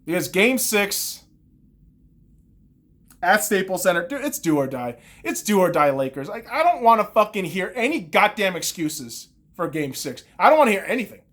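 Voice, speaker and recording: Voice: mid-range voice, big pitch swings, normal speed, fairly bright tone. A podcast host alone in a room, ranting about basketball with constant swearing and heated bursts. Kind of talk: solo sports rant.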